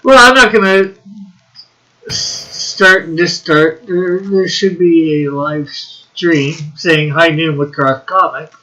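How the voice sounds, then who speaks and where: A man's voice: on the high side, fairly even intonation, takes it slowly, a bit bright, rough recording. A man hosting a casual livestream, tired and muttering to himself as he sets things up. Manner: tired, mumbling to himself while setting up. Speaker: livestream host.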